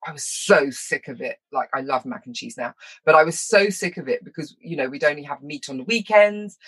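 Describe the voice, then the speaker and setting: A middle-aged woman telling stories from her childhood in an interview. She is lively and self-mocking, laughs often, and slips into quick impressions. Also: deep voice, breathy edge. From London, England. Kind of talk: personal storytelling in conversation.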